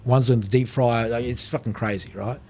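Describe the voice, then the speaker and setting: Middle-aged man, podcast guest, animated, swearing storyteller. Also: mid-range voice, fairly quick, slight background noise. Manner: animated storyteller, swears, acts out quoted voices. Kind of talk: storytelling in casual chat.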